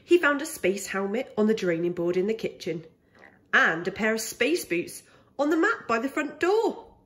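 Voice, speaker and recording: A woman reads a children's picture book aloud for little ones. Her voice sits fairly high and swoops around with animated, expressive storytelling. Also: moderate pace. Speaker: pre-school story reader.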